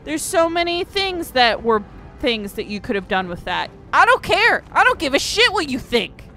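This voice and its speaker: A young woman giving gameplay commentary at a desk microphone, swearing constantly and breaking into angry shouted outbursts. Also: sits high, sing-song, moderate pace, faint music behind. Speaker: let's play host.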